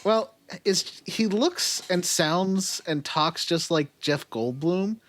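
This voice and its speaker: A man's voice: high-pitched, a bit bright, dry recording. A man co-hosting a casual podcast, playful and jokey as he chats about a game. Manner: playful, jokey, quick to laugh. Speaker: podcast co-host.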